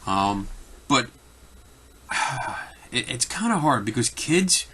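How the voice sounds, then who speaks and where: A man with a Philadelphia accent hosts a segment answering viewer questions, talking casually and off the cuff while rambling with many fillers and restarts. His mid-range voice is sing-song and slow, with a sharp, slightly rough tone.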